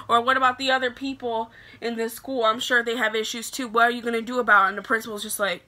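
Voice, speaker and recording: A young woman with a very bright, sharp voice pitched a little high. She chats to her camera in a loose, animated storytime style and keeps dropping "like" between phrases. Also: fast, few pauses. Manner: chatty and animated, heavy use of "like" fillers. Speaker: vlogger telling a story.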